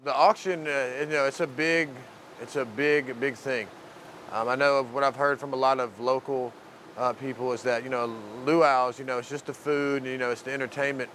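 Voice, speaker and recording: A man from the mainland, a resident and volunteer with the program, talks casually in an interview about his work there. His medium-pitched voice is steady and fairly bright at a moderate pace, with a little hiss or hum behind it. He rambles loosely and leans heavily on "you know."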